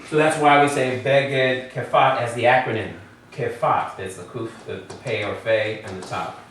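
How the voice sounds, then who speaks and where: A man teaching a Hebrew lesson in a very echoey room, picked up by a mic some way off. His voice sits at an ordinary pitch. He explains patiently and keeps asking his students questions. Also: normal speed, fairly bright tone, recorded from a distance, slight background noise. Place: classroom in a congregation building.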